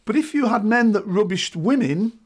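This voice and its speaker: A middle-aged man, talking in an emphatic, animated way and checking in with "right?" as a guest in a casual discussion. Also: high-pitched, normal speed.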